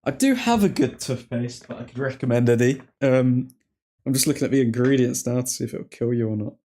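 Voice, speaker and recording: Hosting a live football watchalong, this streamer talks in a fairly quick, medium-pitched voice with a dark tone. He keeps things casual and rambling, laughs a lot, reads out the chat, and stops to call the play.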